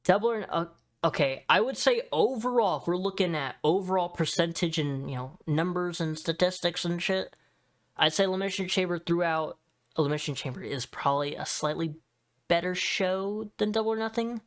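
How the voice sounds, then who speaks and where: A young man giving casual, excitable tier-list commentary, swearing freely and saying dude a lot. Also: sits high, fairly quick. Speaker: wrestling video host.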